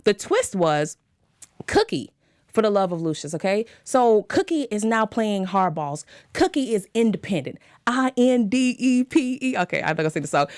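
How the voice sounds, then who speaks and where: A young woman hosting a casual TV recap show, animated and dramatic, laughing often and talking straight to her viewers. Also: medium pitch, dry recording, studio quality.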